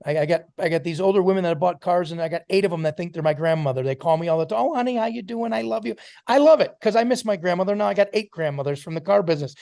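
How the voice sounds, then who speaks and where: A man's voice: on the high side, very fast, few pauses, darkish tone, no echo, clean studio sound. A man giving an emphatic motivational talk to a sales team on a video call, calling on listeners by name.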